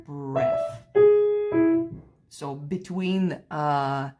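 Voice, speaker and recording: Speaking extremely slowly in a deep voice, a woman leads a play-along piano lesson. She counts the beats aloud and patiently walks through phrasing, occasionally laughing softly, with piano faintly audible behind her.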